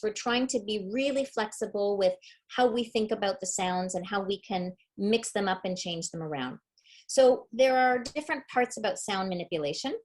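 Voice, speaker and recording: A middle-aged woman teaching a parenting webinar on early reading, upbeat and demonstrative, explaining step by step. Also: medium pitch. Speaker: literacy educator.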